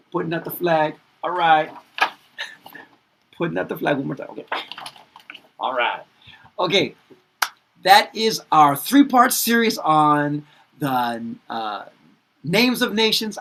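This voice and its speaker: A man teaching pronunciation in an upbeat, playful way, repeating each word slowly and chuckling between them. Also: high voice, a bit bright. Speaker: English teacher. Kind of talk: pronunciation lesson with repetition.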